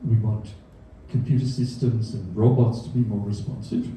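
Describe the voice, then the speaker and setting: A man's voice: fairly low pitch, flat delivery, moderate pace, warm tone, a little hiss or hum. Dry-witted man telling science jokes onstage. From Australia. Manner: dry self-deprecating humor, chuckles at his own jokes. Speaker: university researcher giving a comedy science talk. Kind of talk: stand-up science talk. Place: comedy venue stage before a live audience. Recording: echoey hall, mic from a distance.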